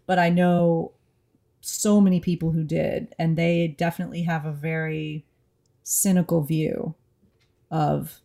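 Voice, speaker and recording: Woman from new orleans, low voice, gravelly fry, casual podcast co-host, candid, halting restarts. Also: little pitch movement, dark tone. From New Orleans, USA. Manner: candid, thinks aloud with frequent restarts.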